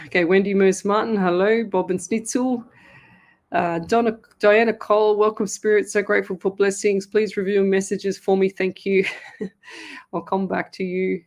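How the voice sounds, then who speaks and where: A woman's voice: fairly low pitch, darkish tone. Woman, middle-aged, chatty, live-stream host at home, laughs a lot. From Australia. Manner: chatty, laughs often, talks to her pets. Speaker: psychic medium hosting a live stream show. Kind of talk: casual live-stream chat greeting viewers. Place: at home at a desk with a camera.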